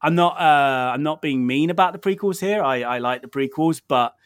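A man's voice: on the high side, normal speed, clean tone, no echo, studio quality. A man from near Birmingham in England, chatting casually on a podcast with a rambling, self-deprecating manner and lots of fillers. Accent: English, lived in London. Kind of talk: casual chat.

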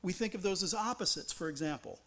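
A man's voice: sits high, expressive, quick pace, sharp tone. A man pastor preaching a sermon, earnest and conversational, often restarting phrases and asking rhetorical questions.

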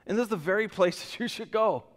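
A man preaching a sermon as pastor, animated, acting out quoted excuses, his voice swinging from loud peaks to quiet drops. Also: high voice, fast talker. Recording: long reverb of a church hall.

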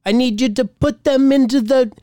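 A man's voice: extremely high pitch, steady tone, moderate pace, warm tone, clean tone, no room sound, clean studio sound. A man co-hosting a podcast, talking casually and bluntly, cursing and repeating himself. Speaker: podcast co-host. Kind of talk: casual chat.

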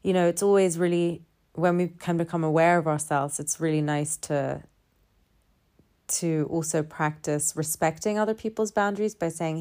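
A woman speaking in a calm, measured reflective monologue, building her points through repeated phrases. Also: deep voice.

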